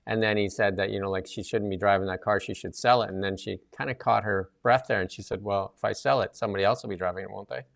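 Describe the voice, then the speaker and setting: A man's voice: lowish voice, fairly even intonation, fast talker, creaky, hardly any pauses. A man co-hosting a talk show, chatting casually in a rambling way with many fillers. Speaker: co-host.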